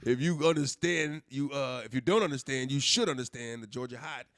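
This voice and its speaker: A man's voice: mid-range voice, brisk, a bit bright, no room sound. Man, podcast cohost, casual chat, profane rambling stories, dry sound. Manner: loose, profane storytelling with laughs and restarts.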